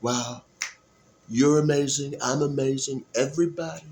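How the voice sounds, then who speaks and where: A man doing an impression of a boastful politician who repeats himself, pitched higher and louder than his own voice. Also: fairly even intonation, normal speed, lightly acted. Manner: brash, exaggerated repetition.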